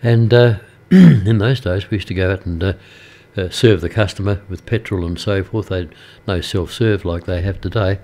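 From a small radio studio, an older Australian man chats casually between songs, wandering through a story with lots of halting fillers and restarts. His voice is somewhat low for a man and mellow, and the talk is relaxed and unscripted.

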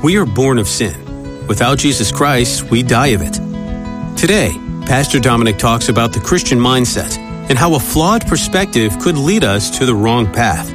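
Male program announcer, scripted intro, animated delivery over clear guitar music. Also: medium pitch, moderate pace.

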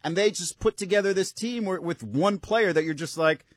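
A man co-hosting a sports talk show, animated and acting out reactions. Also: sits high, moderate pace, no room sound, studio quality. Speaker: sports radio co-host.

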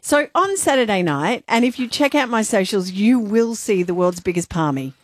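A woman's voice: mid-range voice, expressive, dry recording, studio quality. An Australian woman hosting a breakfast radio show, telling stories in a chatty way and laughing often. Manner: chatty storyteller, quick to laugh. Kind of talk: casual on-air chat. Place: radio studio.

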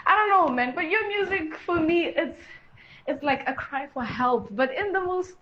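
A woman's voice: very high-pitched, expressive, normal speed, lo-fi sound. A woman caller, gushing and chatty in a voice note to a radio show. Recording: voice note with crowd noise. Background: crowd chatter.

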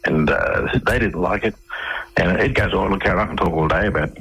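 A man's voice: sits low, normal speed, creaky, a bit bright, slight background noise, low-quality recording. A man telling long, rambling anecdotes as a guest in a radio interview, often restarting his sentences.

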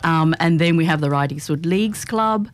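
A woman, a guest on a radio interview, speaking in a brisk, matter-of-fact way. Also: deep voice. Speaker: event organiser guest.

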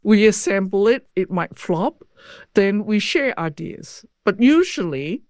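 A woman's voice: medium pitch, very animated, measured pace, darkish tone, no room sound. An older woman talks in a chatty, easygoing way, her a little broken. The recording is very dry and close, with no room sound. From Hong Kong. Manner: chatty, laughs easily, slightly broken English. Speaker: interviewee, former home economist. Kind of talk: reminiscing interview.

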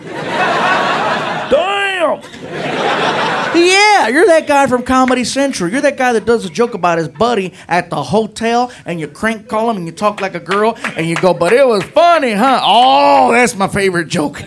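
A gushing highway patrol officer, squeaking up high with excitement as he recognizes a comedian he loves, acted out by a man. The voice is loud and keyed up, over the hiss of a noisy live club recording. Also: moderate pace, hardly any pauses. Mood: starstruck.

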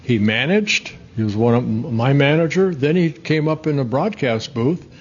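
A man in his sixties, a former pitcher and broadcaster, telling long rambling stories in a casual interview, full of restarts and chuckles. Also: expressive, normal speed, a little hiss or hum. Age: 60s. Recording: slightly dull, muffled audio.

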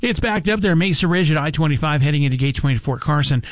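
Male traffic reporter, quick no-nonsense read, dry studio mic. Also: on the high side, lively intonation, no echo. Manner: brisk, matter-of-fact.

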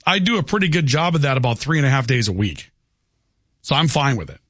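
A man hosting a call-in radio show, arguing his point in a stubborn, deadpan way. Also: medium pitch, fast talker, no room sound. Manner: stubborn, argumentative, dry. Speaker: radio talk show host. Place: radio studio. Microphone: studio microphone.

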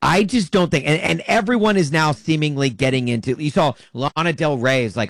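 A man's voice: fairly high pitch, lively intonation, fairly quick, dry recording. Man ranting playfully, dry close sound. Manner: emphatic, joking rants. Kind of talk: casual chat.

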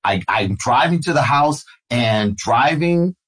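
A man's voice: mid-range voice, expressive, takes it slowly, a bit bright, breathy edge, rough recording. A middle-aged man, a radio host, telling a personal story in conversation and acting out the voices of the people in it. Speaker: radio host, interview guest.

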